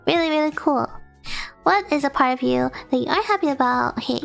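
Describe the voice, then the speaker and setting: A woman's voice: high-pitched, expressive, fairly quick, vocal fry, faint music behind. A young woman streaming as a VTuber, reading viewer submissions aloud in casual chat, bubbly and giggly, gushing with praise.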